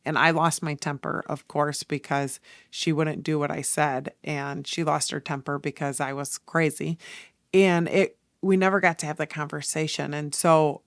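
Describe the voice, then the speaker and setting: A podcast host in her forties delivers a casual monologue, speaking earnestly and confessionally straight to her listeners. Her voice is deep and steady at a normal speed, recorded clean in a studio with no room sound.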